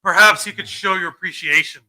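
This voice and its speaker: A man doing a smooth-talking male salesman with a mock-seductive pitch. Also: a little fast, pushed and bright, low-quality recording. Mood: mock suave.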